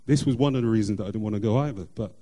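A middle-aged man, sharing a personal faith testimony in an earnest, halting way with many fillers and restarts. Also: on the low side, warm tone. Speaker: church member sharing testimony.

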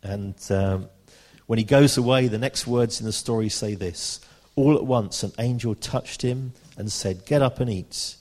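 A British man preaching a sermon, reading scripture aloud and slowing down for emphasis. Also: fairly low pitch, darkish tone. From Britain. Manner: earnest, slows down for emphasis, reads scripture aloud.

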